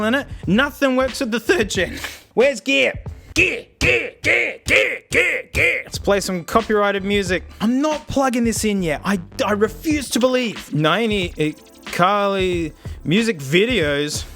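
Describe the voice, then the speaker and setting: Excitable jokey Australian man. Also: sits high. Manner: excitable, jokey, swings loud and soft. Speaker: tech vlogger. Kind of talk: casual chat.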